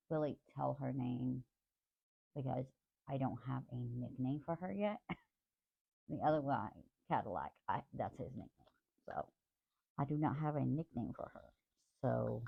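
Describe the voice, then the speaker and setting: Woman, craft vlogger, gravelly voice, rambling casual chat, apologetic, tinny phone-like sound. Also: a bass voice, no room sound.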